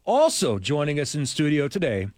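A man's voice: a little high, big pitch swings, normal speed, a little mellow, no room sound. A man hosting a casual morning radio show in a studio, rambling and chuckling often.

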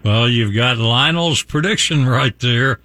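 A man's voice: medium pitch, unhurried, noisy background. A man hosting a morning radio show in a friendly, conversational way.

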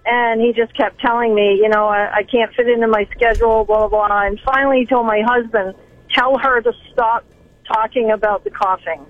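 A woman's voice: fairly high pitch, steady tone, moderate pace, no room sound. A middle-aged woman calling in to a radio show, telling a chatty, self-mocking story about her kids over the phone. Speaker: caller. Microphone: telephone. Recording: tinny phone line.

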